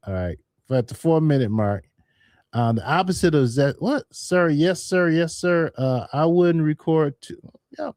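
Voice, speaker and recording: A man's voice: fairly high pitch, no room sound, studio quality. A man hosting a live stream in a casual, chatty way, calling out poll votes to viewers. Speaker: livestream host.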